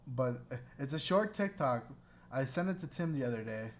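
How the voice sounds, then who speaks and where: A man's voice: medium pitch, animated, normal speed. A man co-hosting a casual podcast chat, rambling and joking with frequent laughter, talking into a computer mic. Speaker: podcast co-host. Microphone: computer mic with webcam.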